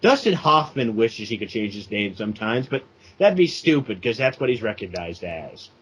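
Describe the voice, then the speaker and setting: A man's voice: lowish voice, sing-song, moderate pace, a bit bright, husky. A young man co-hosting a casual podcast, rambling and restarting his sentences. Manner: rambling, self-interrupting. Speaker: podcast co-host. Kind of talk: casual chat. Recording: dull lo-fi sound.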